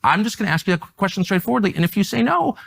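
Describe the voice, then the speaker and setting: A man's voice: high voice, very animated, racing, creaky, fairly bright tone. A male interviewer questioning a guest pointedly, pressing and incredulous, often cutting in.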